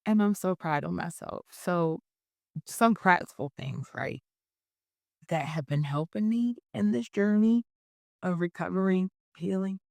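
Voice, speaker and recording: A woman's voice: lowish voice, unhurried, gravelly, darkish tone, no echo. A young woman vlogging earnestly about her own feelings, sometimes close to tears. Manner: earnest, emotional, self-affirming. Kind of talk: personal reflective vlog.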